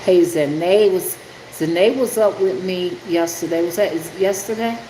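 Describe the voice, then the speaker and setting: An older woman talks casually on a live stream, calling out viewers by name and chatting as she works at home. Her voice carries a roomy echo, and the steady hum of an air conditioner sits clearly underneath. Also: fairly low pitch, moderate pace. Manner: chatty, greets viewers by name while working with her hands. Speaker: rootworker hosting a livestream. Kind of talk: casual livestream chat greeting viewers. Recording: echoey room with air conditioning noise.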